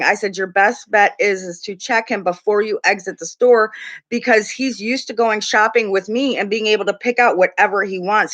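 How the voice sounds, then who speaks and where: A middle-aged mother chats on her live stream, her voice a little on the high side. She tells her family stories casually, laughing a lot and imitating the people in them. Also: a bit bright. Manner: chatty storyteller, giggles often, mimics voices.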